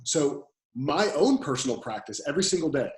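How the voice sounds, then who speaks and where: A man, the guest of a podcast interview, talking calmly as a coach and repeating his key phrases. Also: on the high side, brisk, echoey room, rough recording.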